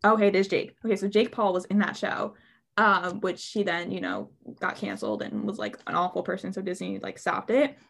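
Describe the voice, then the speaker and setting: A woman's voice: medium pitch, lively intonation, brisk, creaky, a bit bright. Chatty young woman podcast co-host. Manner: chatty, upbeat, fills with "like" and "okay". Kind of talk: casual chat.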